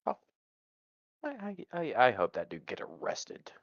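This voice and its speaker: A man's voice: mid-range voice, wildly swooping pitch, measured pace, vocal fry, no echo, highs cut off. A man chatting casually over a voice-chat mic, laid-back and rambling. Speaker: stream co-host on voice chat.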